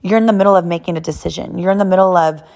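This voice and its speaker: A woman's voice: lowish voice, fairly even intonation, racing, creaky, a little mellow. A woman in her thirties from Southern California, telling a personal story in a candid, emotional way, often restarting her sentences. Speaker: vlogger sharing a personal story. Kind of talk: candid personal faith talk.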